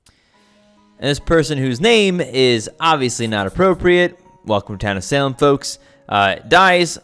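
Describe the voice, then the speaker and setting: Lively man commenting on gameplay. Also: mid-range voice. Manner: lively, thinks aloud with many restarts and fillers. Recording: faint background music.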